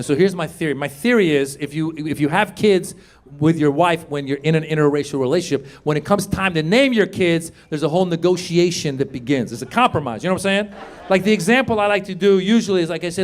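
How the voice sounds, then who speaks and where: A man doing a stand-up comedy set, loudly working the crowd on a club stage. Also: sits high. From Iran. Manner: loud animated crowd work. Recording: live club with crowd noise. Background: audience laughter.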